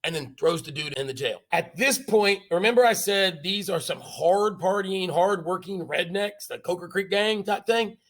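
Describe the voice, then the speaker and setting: A man lectures a history class in a high-pitched voice. He tells the story in an animated, joking way and drops in sound effects. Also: normal speed, hardly any pauses. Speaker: history teacher.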